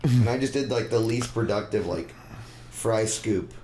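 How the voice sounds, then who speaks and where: A comedian in his twenties, appearing as a guest, tells a rambling story in casual conversation, laughing often and swearing plenty. His voice is fairly low and a little slow, recorded in an echoey room with faint noise.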